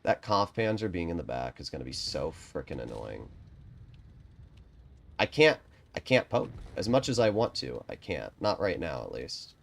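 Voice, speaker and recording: Streamer, male, lively pitch, swings from quiet planning to loud swearing rants. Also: normal speed, vocal fry. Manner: frustrated ranting, swears often; quiet, low-key strategy talk. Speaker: gaming streamer. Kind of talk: live game commentary.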